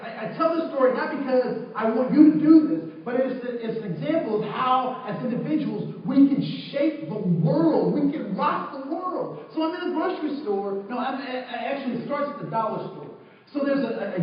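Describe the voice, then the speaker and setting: A man speaking to a live audience as a trainer, telling an animated story and acting out the people in it while checking in with his listeners. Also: very high-pitched. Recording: very echoey hall, far from the mic, lo-fi.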